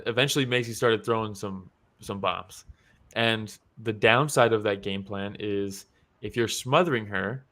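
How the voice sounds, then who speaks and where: A man co-hosting a casual talk show, breaking down a fight with lots of laughter and filler words. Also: on the low side. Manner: animated, laughs often, many fillers. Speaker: co-host. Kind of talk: casual fight-recap chat.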